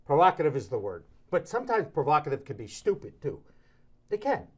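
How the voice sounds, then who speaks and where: A middle-aged man hosting a sports talk show, telling stories in a casual, animated way and slipping into high voices when he quotes people. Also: fairly quick, breathy edge. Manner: animated, jumps into high-pitched voices when quoting others.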